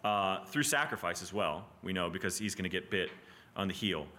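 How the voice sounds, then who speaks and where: A man teaching a Bible study class in a casual, animated way, often asking "right?" and restarting his sentences. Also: low voice, brisk.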